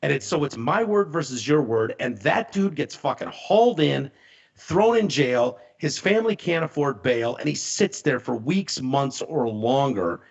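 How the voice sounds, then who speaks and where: A podcast co-host retells a story with animated delivery, acting out the voices of the people involved. His mid-range voice is creaky and moves at a measured pace, and the recording sounds muffled.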